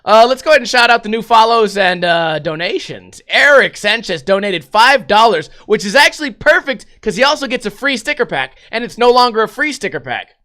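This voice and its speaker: A young man with a high, bright, clear voice hosts a casual livestream podcast. He rambles through crude stories and swears constantly, talking loosely and off the cuff. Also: very animated, a little fast, few pauses. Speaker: podcast host.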